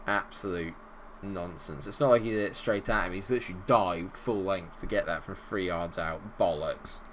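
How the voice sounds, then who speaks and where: A man commentating on his own football management game, animated and bursting into shouts at goals, a little unwell. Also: deep voice, moderate pace, a little hiss or hum. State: unwell, not feeling great. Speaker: gaming video host.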